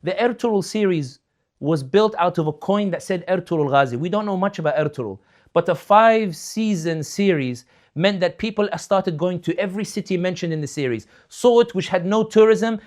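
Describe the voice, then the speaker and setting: Man, higher voice, fervent, rhetorical, impassioned commentary. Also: brisk, darkish tone. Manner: fervent, rhetorical, builds with repeated questions. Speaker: political commentator. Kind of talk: impassioned talk.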